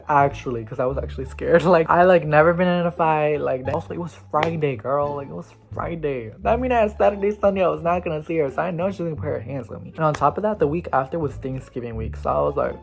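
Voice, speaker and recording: A man's voice: fairly high pitch, fast talker, gravelly, hardly any pauses. A man telling a casual storytime, chatty and full of "like", acting out what others said. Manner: chatty, lots of "like", acts out quotes. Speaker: vlogger. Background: faint background music.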